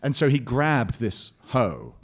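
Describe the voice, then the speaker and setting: A man answering fan questions at a convention panel, telling lively anecdotes on a handheld mic. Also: medium pitch, takes it slowly, gravelly. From Scotland. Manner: lively anecdotal storytelling with quoted voices and laughs. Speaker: convention panel guest actor. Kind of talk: storytelling Q&A panel.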